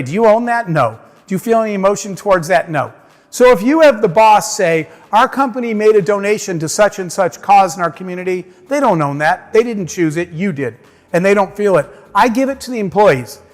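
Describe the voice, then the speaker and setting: A high-voiced man gives a storytelling keynote in a large conference hall, animatedly acting out the dialogue. The recording has a long hall reverb.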